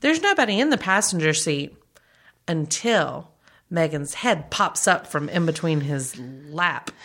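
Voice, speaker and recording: A woman's voice: sits low, expressive, a little slow, fairly bright tone. A woman with a Southern American accent, chatting and gossiping casually as a podcast co-host, with lots of fillers and laughter. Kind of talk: casual celebrity gossip chat.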